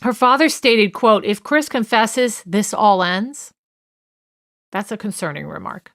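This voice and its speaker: A woman's voice: mid-range voice, animated, a little slow, a bit bright. A woman co-hosting a true crime podcast, talking through a list in a chatty, opinionated way with many fillers and asides. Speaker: podcast co-host.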